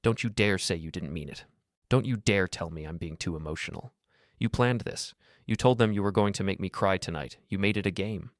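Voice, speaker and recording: A man's voice: low voice, a little fast, no room sound, clean studio sound. A man voicing a heartbroken, tearfully angry mother. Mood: raw anger. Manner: raw, tearful anger.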